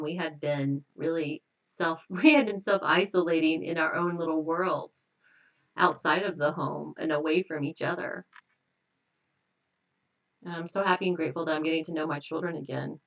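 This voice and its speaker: Woman hypnotist on a home live stream, lowish voice, repeating gentle affirmations slow, kinda muffled lo-fi sound. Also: fairly even intonation, recorded from a distance.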